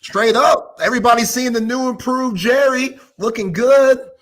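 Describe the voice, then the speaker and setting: A man's voice: very high-pitched, moderate pace, fairly bright tone. A man co-hosting a sports talk show, bantering in a loose, slangy, joking way. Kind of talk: casual banter.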